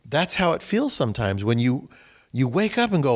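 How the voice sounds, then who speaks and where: Expressive man painting everyday examples. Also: mid-range voice, moderate pace. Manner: vivid, builds up everyday examples. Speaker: discussion participant. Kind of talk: lively spiritual group discussion.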